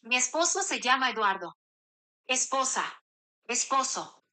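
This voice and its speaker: A woman's voice from a language app, reading lesson phrases slowly and clearly, heard from far off. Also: sits high, sing-song, bright, forceful tone, exaggerated voice.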